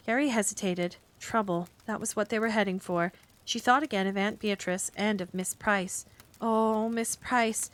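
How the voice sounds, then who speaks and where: A woman streamer reading a book aloud in a gentle, calm storytelling manner for a cozy bedtime stream. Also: mid-range voice, normal speed.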